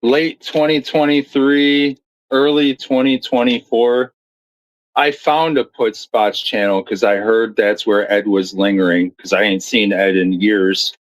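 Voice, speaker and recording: A man's voice: on the low side, fairly even intonation, measured pace, low-quality recording. A man commentating on clips and reading viewer comments in a blunt, profane, storytelling manner. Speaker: streamer commentator.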